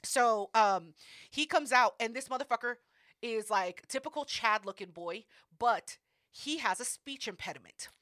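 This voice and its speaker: A woman co-hosting a podcast, telling a story in an animated, profane way and acting out what people said. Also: fairly high pitch, unhurried, dry recording, studio quality. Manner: animated, profane, acts out quotes. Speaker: podcast co-host. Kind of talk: casual storytelling.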